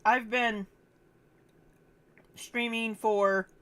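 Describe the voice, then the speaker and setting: A woman livestreamer talks slowly and loosely after hours on air. She is tired and hiccuping, and rambles with self-deprecating asides to her chat. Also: on the high side, fairly even intonation, a bit bright, clean tone. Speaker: livestream host.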